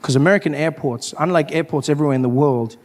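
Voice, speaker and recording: A man performing stand-up comedy, telling stories in an animated way and acting out voices along the way. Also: a little high, fast. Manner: animated storytelling, lots of acted-out voices.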